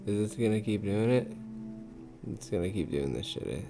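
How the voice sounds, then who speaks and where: A man's voice: lowish voice, lively intonation, normal speed, over music. A man commentating a game he plays, reacting with exasperated swearing. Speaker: gamer. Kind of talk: let's play commentary.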